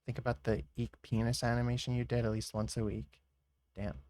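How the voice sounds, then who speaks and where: A man's voice: medium pitch, little pitch movement, brisk, darkish tone, no room sound, studio quality. A man streaming while he draws, chatting casually with viewers in a rambling, giggly way.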